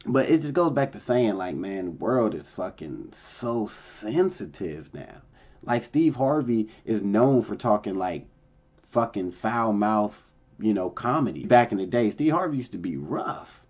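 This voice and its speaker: A man with a low voice rants in a loose, slangy, profane way. The sound is dull and lo-fi. He talks like he's venting to friends. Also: sing-song, measured pace, a little mellow. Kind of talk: casual rant.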